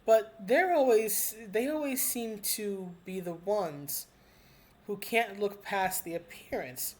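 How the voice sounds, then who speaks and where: A commentator talking straight to camera in a casual, earnest way, often restarting sentences and filling pauses with "uh.". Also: medium pitch. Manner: rambling and hesitant, with frequent restarts and fillers; earnest and heartfelt. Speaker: video commentator.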